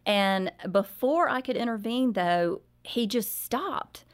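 A woman's voice: on the high side, expressive, slow. A middle-aged woman, a parenting author, earnestly telling an interviewer about raising her children with faith-based guidance. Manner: warm, sincere, faith-based parenting advice.

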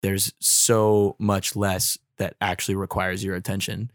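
A young man in his twenties guests on a podcast, chatting casually and rambling with plenty of "like" and "um." His voice is low, level and unhurried, recorded at studio quality with no echo.

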